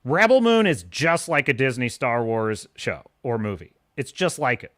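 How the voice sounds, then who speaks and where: A man's voice: medium pitch, expressive, moderate pace, fairly bright tone, dry recording, studio quality. A young man ranting scornfully during a live stream, often breaking into laughter as he reacts to reviews.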